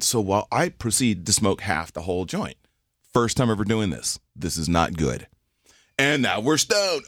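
A podcast co-host in his forties tells a funny story during casual chat, speaking at a moderate pace with no room sound. He is animated, acting out the voices in the story with big pitch jumps.

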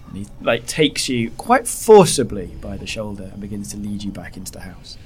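A man running a tabletop horror game as game master, narrating slowly and hesitantly with many fillers. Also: on the low side, expressive, darkish tone.

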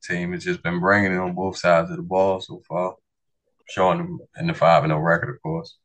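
Deep-voiced man in calm sports chat. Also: fairly quick. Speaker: sports podcast co-host.

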